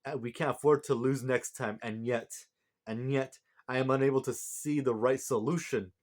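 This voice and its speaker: A man's voice: medium pitch, fairly even intonation, normal speed, lightly acted. A man reading aloud the lines of an anxious, overwhelmed female valkyrie leader. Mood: tense.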